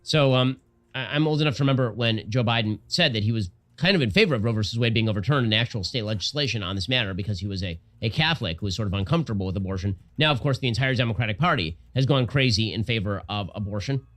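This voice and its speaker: A man's voice: fairly low pitch, fast, fairly bright tone. A man giving political commentary in a sarcastic, mocking tone.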